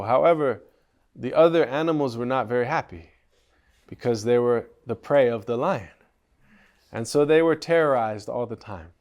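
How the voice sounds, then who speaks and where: A man teaching at a spiritual retreat, relaxed and conversational, often checking in with his listeners. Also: mid-range voice. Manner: relaxed, conversational, asks the group questions. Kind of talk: storytelling lesson on a classic poem.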